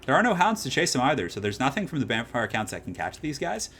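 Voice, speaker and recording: A man casting a strategy game match live, moving from calm analysis to loud excited hype. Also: mid-range voice, fast, slight background noise. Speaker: streamer casting a tournament match.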